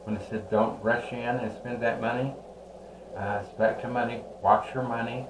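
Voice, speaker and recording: A man's voice: medium pitch, level tone, noisy background. Hesitant man reading tarot, roomy echo. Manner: slow, rambling, with many "uh" pauses. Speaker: tarot reader. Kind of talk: unhurried tarot card reading.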